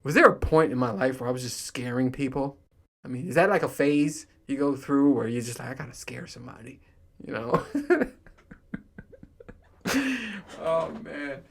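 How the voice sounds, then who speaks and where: A man's voice: medium pitch, moderate pace, a bit bright. A man in his thirties talks to the mic on his own, loose and unscripted. He rambles, swears freely and breaks into laughter between thoughts, the easy voice of a solo podcast host. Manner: rambling, profane, laughs often. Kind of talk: casual monologue.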